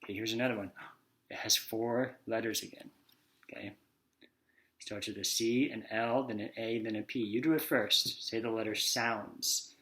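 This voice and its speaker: A man's voice: fairly low pitch, fairly even intonation, bright, forceful tone. A man teaching a children's phonics lesson, sounding out letters one by one and acting out each word. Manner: slow, sounds out letters and acts out words.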